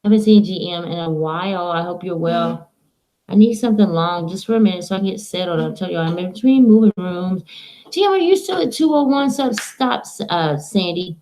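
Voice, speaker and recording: A woman's voice: lowish voice, mellow, rough recording. A woman streaming live from home, chatting in a rambling, casual way to her viewers and her dog.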